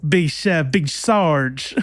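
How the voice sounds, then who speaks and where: Brief: young male streamer, slightly high voice, laughing, loose and casual, dry close sound. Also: very slow, fairly bright tone, no echo. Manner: chatty, laughing, swearing, fumbling with settings. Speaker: livestream host. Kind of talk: casual livestream chat.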